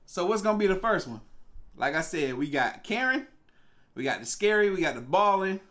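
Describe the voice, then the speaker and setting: A young man hosting a live reaction stream, talking in a relaxed, slangy way to his viewers. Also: high-pitched, normal speed. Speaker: livestream reaction host. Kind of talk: casual live-stream chat.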